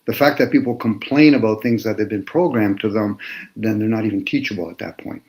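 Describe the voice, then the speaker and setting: A man in casual chat, explaining his ideas in a slow, lecturing way and playing with the meanings of words. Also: lowish voice, a little mellow, poor audio.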